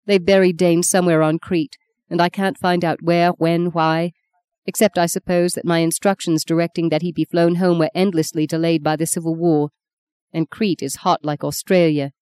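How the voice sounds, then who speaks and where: A woman's voice: fairly low pitch, level tone, normal speed, darkish tone, clear, resonant tone, dry recording, natural voice. A woman voicing a hard, cold grieving mother. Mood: urgent. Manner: harsh, cold, clipped. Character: fifty-three-year-old mother, hard, cold and determined.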